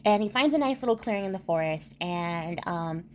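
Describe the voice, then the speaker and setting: A woman's voice: lowish voice, lively intonation, moderate pace, darkish tone, a little hiss or hum. Chatty woman telling a folk tale. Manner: chatty, with laughing asides. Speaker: craft vlogger. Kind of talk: casual storytelling.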